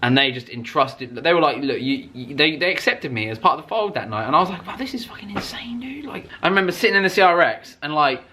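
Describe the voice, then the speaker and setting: A young man tells a story for his car vlog. His voice sits a little high and sounds bright and forward. He gets excited, swears freely, and breaks into laughter as he retells the night. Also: fast, hardly any pauses, a little hiss or hum. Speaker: car YouTuber.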